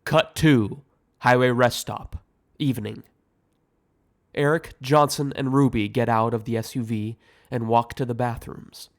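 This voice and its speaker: Slow man reading screenplay directions. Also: medium pitch, fairly even intonation. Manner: slow, measured. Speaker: writer and director narrating.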